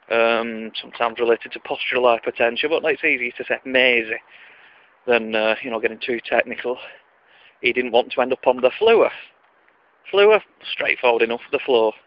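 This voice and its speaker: A man's voice: mid-range voice, dull audio. A man with a Wigan accent telling comic stories in a chatty, dry, self-mocking ramble, recorded outdoors at night.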